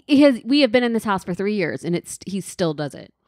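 A woman in her thirties co-hosting a casual podcast, animated and teasing, her pitch swooping up. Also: fairly quick, no room sound, studio quality. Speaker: podcast co-host. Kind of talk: casual chat.

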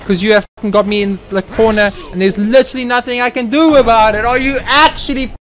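A man's voice: high voice, steady tone, quick pace. A young man commenting on his own gameplay, swearing heavily and ranting at the game. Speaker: let's play gamer. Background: game music.

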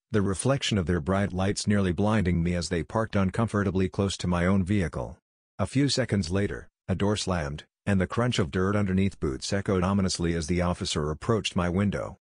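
A man narrating a scripted horror story in a measured, subdued way. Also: low voice, no echo, clean studio sound.

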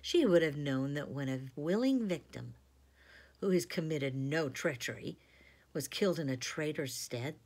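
A woman reading aloud and voicing Aslan, a great wise male lion who speaks slowly and solemnly. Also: low voice, lively intonation, a little mellow, exaggerated voice.

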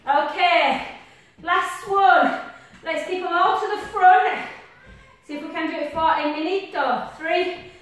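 A woman's voice: very high voice, a little slow. A woman leading a workout class, upbeat, counting out reps and whooping. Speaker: fitness instructor. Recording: echoey distant room with noise.

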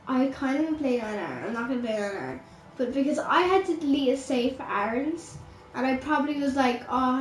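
A woman's high voice, with slight background noise, delivers casual game commentary. The gamer rambles in exasperation, using lots of filler words, and the recording has a roomy echo with game music behind her.

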